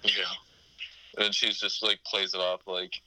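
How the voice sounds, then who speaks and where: A man's voice: lowish voice, flat delivery, sharp tone, dry recording, poor audio. A man co-hosting a podcast, chatting crudely and joking with lots of profanity. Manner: profane, joking, riffs with quick laughs. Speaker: podcast co-host. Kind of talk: crude casual chat.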